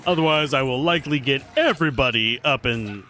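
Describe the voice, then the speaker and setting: A man's voice: medium pitch, brisk, bright, forceful tone, soft background music. A man casually commentating while he plays a video game on a livestream, chatty and playful as he thinks aloud. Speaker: streamer playing a video game.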